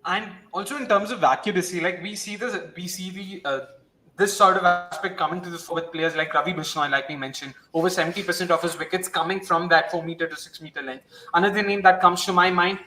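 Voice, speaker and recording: A man's voice: high-pitched, fairly even intonation, fast talker, pushed and bright, slight background noise, rough recording. A man with an Indian accent hosting a live cricket watchalong, rambling and switching between Hindi and English. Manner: rambling, mixes Hindi and English, self-correcting. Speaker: host.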